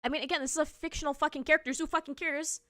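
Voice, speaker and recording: A woman's voice: high-pitched, fairly even intonation, very fast, sharp tone, no room sound, clean studio sound. A woman hosting a gaming commentary show, reacting to clips in an exasperated, profanity-laced rant. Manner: exasperated, sweary ranting.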